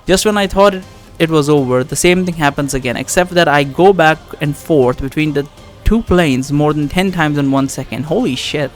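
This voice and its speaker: A man reading a text game aloud and thinking out loud between passages, with restarts. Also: on the high side, moderate pace. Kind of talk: casual game reading with commentary. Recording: faint background music.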